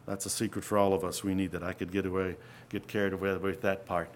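A man preaching an earnest sermon, often dropping to a hush and then rising to loud emphasis. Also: low voice, little pitch movement, quick pace, a little hiss or hum.

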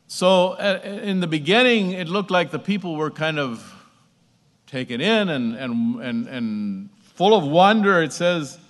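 A man preaching a sermon, slow and emphatic, repeating phrases as he builds. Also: on the high side, expressive, in a large hall.

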